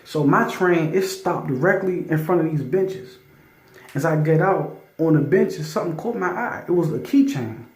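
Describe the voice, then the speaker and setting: A man telling a spiritual testimony in casual talk, stammering through restarts and breaking into loud scripture readings. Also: on the high side, animated, moderate pace. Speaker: testimony storyteller. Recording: roomy echo.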